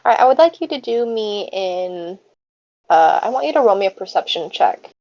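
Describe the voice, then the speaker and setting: A woman's voice: mid-range voice, animated, moderate pace, mellow. A woman narrating as game master of a tabletop game, hesitant with many fillers. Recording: dull lo-fi mic.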